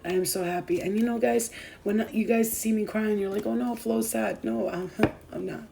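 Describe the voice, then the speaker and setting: Gravelly, tearful young woman vlogger. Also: medium pitch, steady tone, moderate pace, background noise. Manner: rambling, heartfelt, many fillers and restarts. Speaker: spiritual vlogger. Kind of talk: emotional casual talk to viewers.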